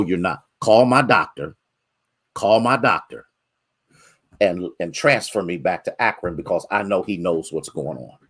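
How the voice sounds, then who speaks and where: Preaching from a church sanctuary, a pastor moves from drawn-out, rising exhortations into low, rapid storytelling. Along the way he greets members of the congregation by name.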